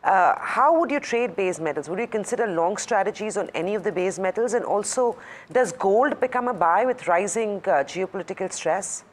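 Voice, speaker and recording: A woman anchoring a live business news show, putting brisk, structured questions to a guest. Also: medium pitch, lively intonation.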